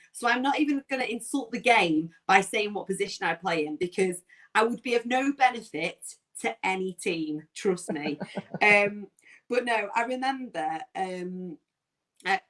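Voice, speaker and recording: A woman sports broadcaster as a podcast guest, telling stories in a bubbly, animated way and laughing often. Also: medium pitch, poor audio. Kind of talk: casual interview chat.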